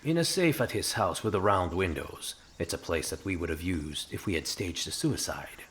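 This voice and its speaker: A deep, servile henchman. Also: expressive, normal speed, a bit bright, breathy edge, full character voice. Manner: deferential reporting. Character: obedient male henchman, servile.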